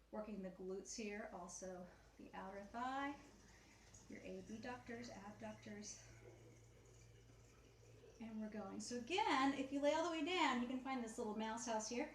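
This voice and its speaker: Breathy Pilates teacher counting reps. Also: female voice, on the high side. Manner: encouraging, counts reps aloud, chatty asides. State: slightly out of breath. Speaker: Pilates instructor. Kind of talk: guided mat workout cueing. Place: home room. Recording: echoey room, faint ambient noise.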